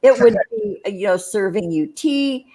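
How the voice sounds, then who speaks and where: A woman hosting a relaxed online chat show, talking at a middling pitch. She rambles and restarts her sentences, chuckling as she goes. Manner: rambling, restarts, quick laughs. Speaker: co-host of a livestream chat show. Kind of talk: casual chat.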